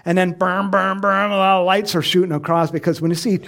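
A man preaching a sermon in a lively way, acting out quoted voices and laughing often. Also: high voice, moderate pace. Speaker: pastor.

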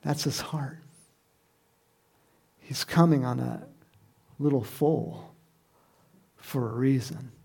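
A man's voice: medium pitch, slow, creaky, long pauses, dark tone, slightly rough. A man preaching a sermon in a conversational way, often asking his listeners questions. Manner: conversational, asks the congregation questions, laughs.

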